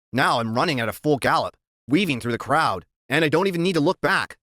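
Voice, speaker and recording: A man reading a children's story aloud in the first person, telling it in a lively, expressive way. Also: on the high side, brisk, no room sound. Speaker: reader.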